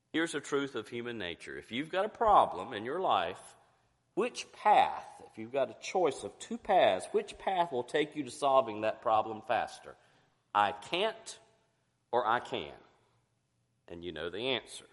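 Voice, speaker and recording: Middle-aged male pastor, low animated delivery, emphatic rhetorical questions, coughing, church hall reverb. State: coughing, fighting to get words out. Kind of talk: sermon.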